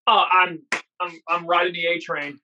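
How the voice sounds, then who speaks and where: A man with a higher, bright and forceful voice co-hosts a podcast, rambling eagerly about a TV episode. His mic sounds dull and lo-fi. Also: little pitch movement, moderate pace, a little hiss or hum. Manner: enthusiastic, rambling. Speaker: podcast co-host. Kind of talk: casual discussion of a TV episode.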